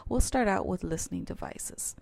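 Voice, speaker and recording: A woman teaching a recorded lesson, explaining patiently in a soft, at times near-whispered voice with small slips and restarts. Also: mid-range voice, moderate pace, creaky, no echo.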